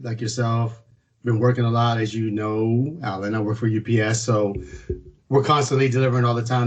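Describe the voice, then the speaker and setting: A man co-hosting a casual podcast chat, relaxed and slangy, with bursts of enthusiasm. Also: medium pitch, muffled recording. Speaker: podcast co-host.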